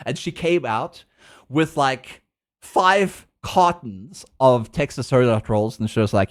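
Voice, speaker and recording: A man's voice: mid-range voice, slow, soft background music. A young South African man streaming a game, ranting in casual, profane, laughing chat. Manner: animated, profane, laughing rants.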